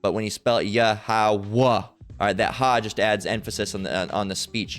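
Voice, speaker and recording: A man's voice: on the low side, normal speed, hardly any pauses, a bit bright, soft background music. A man giving an informal Bible teaching, hesitant and full of fillers, who keeps checking in with "all right?". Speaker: religious teacher. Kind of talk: informal Bible teaching over screen share.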